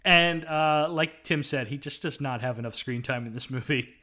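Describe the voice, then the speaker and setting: A man co-hosting a casual film review podcast, retelling scenes in an animated way and acting out the movie's lines. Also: mid-range voice, moderate pace. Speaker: podcast co-host.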